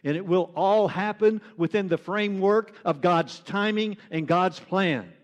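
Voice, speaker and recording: A male pastor with a notably high voice delivers an earnest sermon. He circles back and repeats phrases to drive each point home. His words ring out with a long reverb in a church hall. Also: measured pace.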